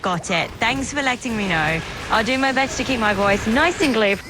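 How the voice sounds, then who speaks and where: A woman's voice: fairly high pitch, animated, moderate pace, music in the background. A text-to-speech woman's voice as an AI assistant, cheerful and agreeable, sometimes slurring its words. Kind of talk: upbeat chatbot replies.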